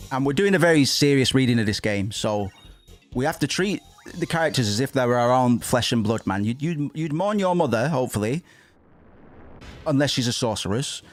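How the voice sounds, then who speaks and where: A man chats through a video game stream in an irreverent, jokey and sweary way. His pitch moves in lively swings, and faint game music sits behind him. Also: a little fast. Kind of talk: casual let's-play commentary.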